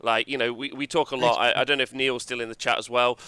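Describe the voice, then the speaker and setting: Bright, clear-voiced enthusiastic male host. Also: medium pitch, level tone, no room sound. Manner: enthusiastic, halting, full of fillers. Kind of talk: casual chat on a livestream podcast.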